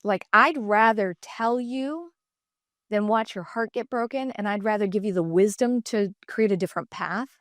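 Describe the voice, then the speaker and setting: A woman's voice: mid-range voice, moderate pace, no echo. Middle-aged woman, podcast guest, candid storyteller, dry close sound. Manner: animated, acts out quoted dialogue in shifting voices. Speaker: podcast guest, designer and entrepreneur.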